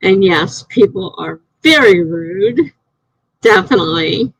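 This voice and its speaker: Chatty woman with a gravelly, dry voice. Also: mid-range voice, takes it slowly, no room sound, poor audio. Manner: chatty, rambling, animated when indignant. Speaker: live stream host. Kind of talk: casual live-stream chat reading comments.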